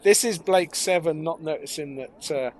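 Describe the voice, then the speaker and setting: A man's voice: fairly high pitch, normal speed, over a noisy crowd, low-quality recording. A man co-hosting a casual podcast, making jokey, teasing asides about a TV episode. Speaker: podcast co-host.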